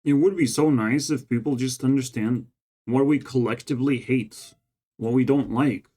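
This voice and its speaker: A tired, run-down man vlogs to camera in a rambling monologue, ranting with exasperation and profanity. His voice is medium-pitched and mellow, at a moderate pace.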